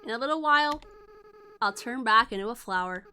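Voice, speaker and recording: A woman reading the lines of a young goat-monster boy in a game, soft and halting, remorseful and tender. She sounds close to her everyday voice. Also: a little high, animated, slight background noise. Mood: tender farewell. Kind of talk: reading game dialogue aloud.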